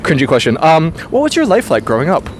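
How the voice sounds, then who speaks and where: A man's voice: a little high, wildly swooping pitch, fast. A man hosting a podcast interview, rambling casually and swearing freely as he talks on concrete steps outdoors. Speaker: podcast host. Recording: outdoor traffic noise. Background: traffic noise.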